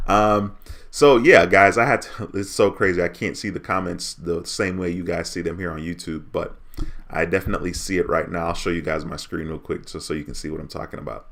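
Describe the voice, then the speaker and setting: A man's voice: deep voice, gravelly, pushed and bright. A man hosting a casual livestream, reading viewer comments aloud in an upbeat way. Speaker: livestream host.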